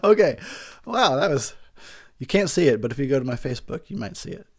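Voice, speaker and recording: A man's voice: medium pitch, very animated, brisk, darkish tone. A man, drunk, giving a rambling, crude commentary over a movie, laughing often as he talks.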